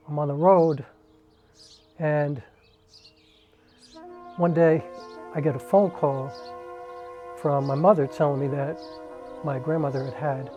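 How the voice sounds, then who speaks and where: A man's voice: a little high, mellow. A man from the New York area, a singer, telling a personal family story in a conversational way, with frequent "um" and "like". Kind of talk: casual personal storytelling to camera.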